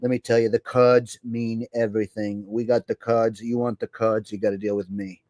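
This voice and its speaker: A man's voice: lowish voice, level tone, normal speed, a little mellow, no room sound, close to an everyday voice. Guy doing a bragging old politician bit, repeats himself a lot, dry sound. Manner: repetitive, bragging, blustery. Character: boastful older male politician impression.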